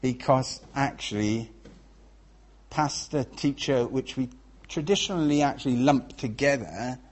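Welsh man, preacher, husky voice, conversational sermon, asks listeners for agreement. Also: mid-range voice, measured pace. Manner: conversational, checks in with "yeah?" and "right?".

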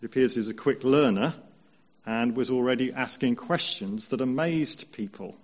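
A man preaching a conversational sermon, slowing down to stress key points. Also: medium pitch, lo-fi sound. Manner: measured, conversational, slows down for emphasis.

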